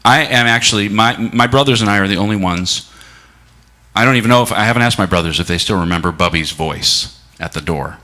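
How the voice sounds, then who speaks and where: Preaching at a church service, this middle-aged man speaks on the low side in a pushed, bright voice. His reflective, unhurried sermon is full of rhetorical questions, and he slows down to stress points.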